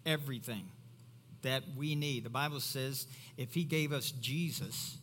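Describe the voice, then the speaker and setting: A middle-aged male pastor with a Kentucky accent delivers a sermon in a bright, forceful voice that sits a little high. He drops into quiet asides, then climbs into loud, high exclamations. His voice carries a long reverb from a large hall. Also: a little hiss or hum.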